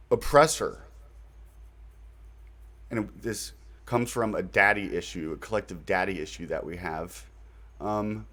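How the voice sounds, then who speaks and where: Talking loosely through recommendations, a channel host introduces his website in an unscripted monologue peppered with fillers and mild slang. His pitch is fairly low and his tone fairly bright.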